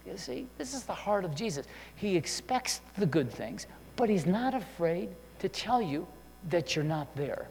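A man's voice: high-pitched, sing-song, a little slow, creaky, darkish tone. A man preaching a sermon in a conversational way, often checking in with listeners and restarting his sentences. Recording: long hall reverb with faint hum.

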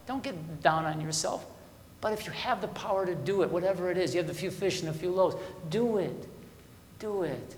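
A man preaching a sermon as a pastor, conversational and questioning his listeners, moving between loud emphasis and quiet asides. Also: sits high, a little hiss or hum. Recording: echoey hall with long reverb.

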